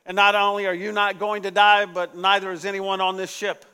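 A man's voice: high-pitched, flat delivery, fairly quick, pushed and bright, clean tone. A man preaching a sermon as pastor, with call-and-response lines and emphatic repetition, recorded in a church sanctuary. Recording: echoey church hall.

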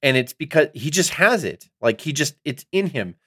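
A middle-aged man co-hosting a podcast in casual chat, rambling and excitable, swearing often as he talks. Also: fairly high pitch, normal speed, no echo, clean studio sound. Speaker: podcast co-host.

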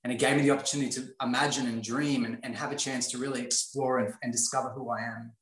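An earnest man of ordinary pitch tells his story in a motivational way, circling back and repeating key phrases for weight. The room around him is roomy and echoing. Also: flat delivery, fast talker, fairly bright tone. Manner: earnest, repetitive, emphatic. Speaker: guest sharing his life story. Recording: roomy echo.

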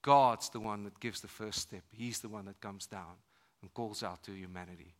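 A man preaching a sermon at a church service, moving between loud emphatic lines and hushed ones. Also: on the low side, steady tone, normal speed. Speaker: pastor.

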